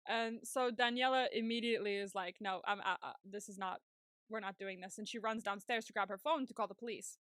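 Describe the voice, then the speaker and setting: A woman co-hosting a podcast, retelling a TV episode in casual chat and putting on quick voices for the characters she quotes. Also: medium pitch, a bit bright, dry recording, studio quality. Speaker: podcast co-host.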